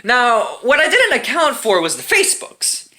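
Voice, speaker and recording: Young male storyteller, casual and wry, bright tone. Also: very high voice, normal speed. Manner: animated, profane, wry.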